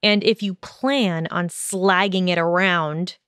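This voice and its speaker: A woman voicing a cold, arrogant teenage wizard boy, low and harsh in a sneering manner, for a fan audiobook. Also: fairly even intonation, slow pace, a bit bright, smooth, dry recording, studio quality. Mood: contemptuous.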